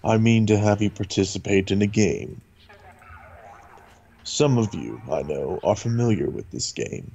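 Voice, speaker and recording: A man voicing a menacing masked male ship captain during a game playthrough, in a slow, grandiose dramatic reading. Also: on the low side, expressive, gravelly, mellow, slightly rough, highs cut off, heavily acted. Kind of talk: voicing a game character during a let's play.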